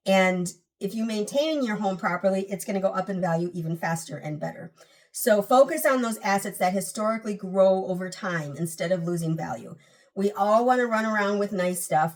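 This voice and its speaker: A woman's voice: medium pitch, far from the mic. Earnest woman giving money advice. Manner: earnest, emphatic, repeats points for emphasis. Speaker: personal finance YouTuber. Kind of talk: casual advice to camera.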